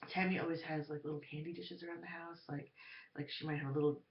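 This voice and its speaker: A woman's voice: sits low, level tone, fast, slight background noise. A woman telling a story in a casual monologue, rambling and hesitant, full of fillers. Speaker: vlogger. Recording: roomy, dull lo-fi recording.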